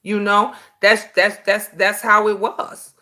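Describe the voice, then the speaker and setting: A woman's voice: mid-range voice, slow. A woman in her fifties hosting a casual live-stream chat, telling stories animatedly and calling listeners "honey.". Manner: animated storytelling, sassy, says "honey" often. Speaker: host.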